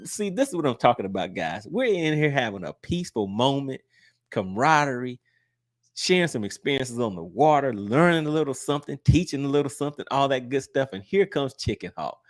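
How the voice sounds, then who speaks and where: A man's voice: medium pitch, big pitch swings, fairly quick, no room sound, clean studio sound. A man hosting a fishing channel livestream, talking in an easygoing, rambling way with lots of "all right"s. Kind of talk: casual livestream chat.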